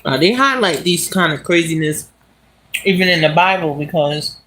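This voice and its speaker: An animated vlogger walks through the city and retells a movie plot in loose, slangy street talk. The voice swings up and down often and breaks into laughter. It leans on the listener with repeated asides. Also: mid-range voice, moderate pace, slight background noise. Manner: animated, slangy, laughs as it talks, asks "you understand?". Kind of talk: casual storytelling while walking.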